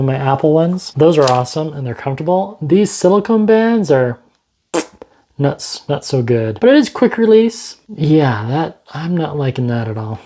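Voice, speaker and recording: An unhurried man talks through a gadget unboxing in his home studio, dropping joking asides and thinking out loud. His voice is mellow and warm, and he takes his time with each thought. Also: a little high, a little hiss or hum. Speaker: tech reviewer. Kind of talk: casual unboxing vlog.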